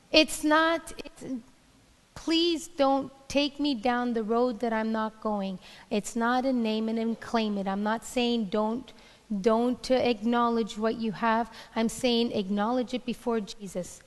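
A woman pastor delivers a sermon in a high, unhurried voice. She drives home her points with emphatic, repeated rhetorical questions. The sound carries a long reverb, as in a large hall.

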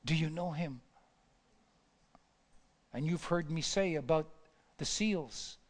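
A man preaches with a high, ringing voice. His phrases come back again and again for emphasis and rise to fervent peaks. The sound carries the long reverb of a large church hall. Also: slow. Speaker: pastor. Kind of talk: sermon.

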